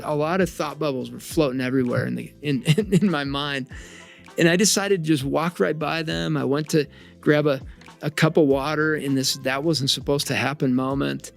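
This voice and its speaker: Earnest gravelly-voiced father telling stories. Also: fairly high pitch, fairly even intonation, moderate pace, faint music behind. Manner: earnest, reflective, with frequent restarts and small laughs. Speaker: father sharing a parenting lesson. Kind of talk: personal storytelling to camera.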